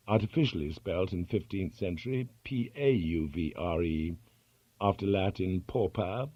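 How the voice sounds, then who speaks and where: A man narrating an audiobook, reading a dictionary entry in a measured, careful way. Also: fairly low pitch, no echo. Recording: dull lo-fi recording.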